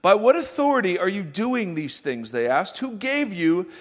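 A man's voice: sits high, sing-song, normal speed. A man in his thirties, a pastor preaching a sermon and dropping wry, self-deprecating jokes between Bible passages. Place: church auditorium. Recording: reverberant church hall.

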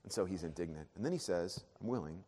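A man preaching a sermon, earnest, dropping to a hush and then rising to emphatic peaks. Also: deep voice, very animated, fast talker, slightly rough. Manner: earnest, swings from hushed to emphatic. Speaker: pastor. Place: church auditorium. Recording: long hall reverb.

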